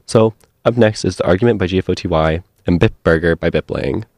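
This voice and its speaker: A man hosting a music radio show, talking casually about songs in a relaxed, rambling way with many fillers. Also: low-pitched, brisk, no room sound, studio quality.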